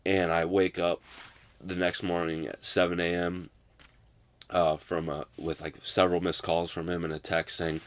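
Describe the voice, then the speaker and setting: A young man in his twenties telling a long personal story in casual conversation, filling every pause with "like" and swearing freely. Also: deep voice, flat delivery. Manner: rambling, fills with "like", profane. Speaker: guest.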